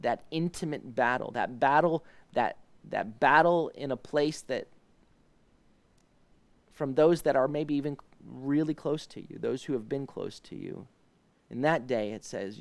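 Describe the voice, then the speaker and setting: A man, a pastor, leading a live devotional Bible study. He paraphrases verses in a soft, pleading voice and explains Hebrew words with many restarts. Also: medium pitch, a little slow, creaky, dry recording.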